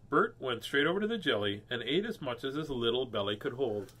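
A man's voice: medium pitch, expressive, fairly quick, few pauses, fairly bright tone. A man hosting a read-aloud of children's books, playful with jokey asides between pages. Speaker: host reading children's books.

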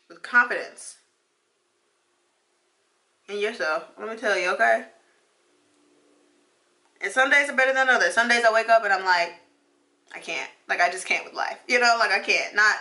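Bright-voiced young woman giving a pep talk. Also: on the high side. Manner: emphatic, motivational, repeats phrases for emphasis. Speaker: beauty vlogger and law student. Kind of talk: casual get-ready-with-me chat.

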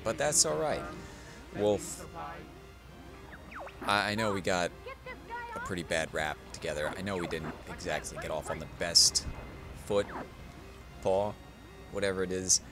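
Tipsy male gamer, low voice with wide swings, profane and rambling, over game music. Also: animated, moderate pace, long pauses. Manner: profane, rambling, mock-dramatic pleading. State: tipsy from drinking. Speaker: let's play gamer. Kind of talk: casual let's play commentary. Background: video game music.

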